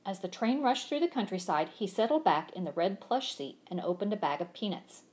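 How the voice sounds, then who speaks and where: A woman reads a children's storybook aloud in an animated, expressive way. Her pitch rises and falls freely, and she acts out the sound effects with relish. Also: brisk.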